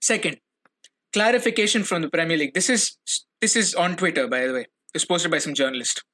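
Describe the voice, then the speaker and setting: A young man with a bright, slightly high voice hosts his own football fan podcast alone. He rants hard, swears and repeats phrases when he gets worked up. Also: fairly quick. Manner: ranting, swearing, repeats himself when angry. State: furious. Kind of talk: solo football reaction podcast.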